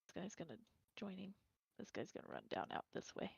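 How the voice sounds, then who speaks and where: A woman's voice: fairly low pitch, sing-song, a little fast, creaky, breathy edge, dry recording. A woman running a tabletop game as game master, narrating monster moves and laughing easily. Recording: dull lo-fi recording.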